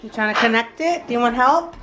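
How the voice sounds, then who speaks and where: A woman's voice: fairly high pitch, fairly quick, very noisy. A thirty-year-old woman chatting to the camera in a casual home vlog, narrating her day and coaxing her toddler along. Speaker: vlogger and mother. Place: family home indoors.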